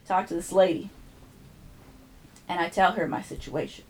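A woman's voice: fairly low pitch, normal speed, breathy edge. A woman hosting a podcast, telling an exasperated, profanity-laced story in casual chat. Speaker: podcast host.

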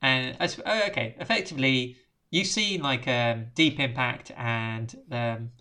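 A man rambles through a movie plot on a chatty podcast, jokey and animated as he retells the scenes. His voice sits at an ordinary mid pitch for a man. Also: unhurried. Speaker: podcast host. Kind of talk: casual film recap chat.

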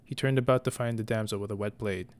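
A man narrating a story in a slow, deliberate scripted reading as the show's storyteller. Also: fairly low pitch, steady tone, darkish tone, clean tone. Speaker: podcast storyteller.

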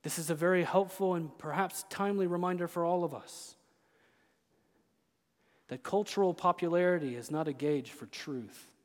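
A man preaching a sermon as pastor, with impassioned delivery that swings between loud proclamation and hushed intensity. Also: a little high, normal speed. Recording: long church reverb.

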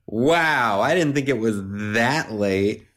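A man's voice: mid-range voice, lively intonation, slow, noisy background. Young man chatting with chuckles. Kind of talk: casual podcast chat.

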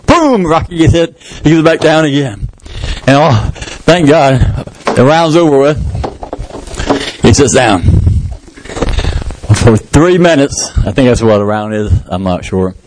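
A male pastor preaching a sermon in church, telling a story with lively, shouted sound effects. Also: medium pitch, unhurried, poor audio.

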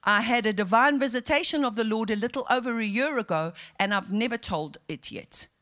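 A woman pastor from South Africa preaching a sermon, moving between quiet asides and fervent, rising outbursts. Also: fairly high pitch, brisk.

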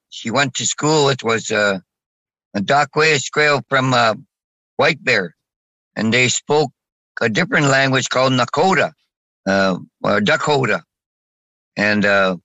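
Bright-voiced man speaking haltingly. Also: mid-range voice, no echo, low-quality recording. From Saskatchewan, Canada. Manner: halting, with many restarts and fillers. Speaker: guest. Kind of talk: casual interview talk.

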